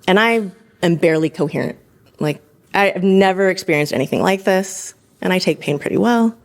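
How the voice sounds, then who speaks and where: Animated woman in her thirties telling a story. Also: fairly low pitch, measured pace, long pauses. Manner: animated, laughs often, acts out quotes. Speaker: physician assistant guest. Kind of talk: personal storytelling.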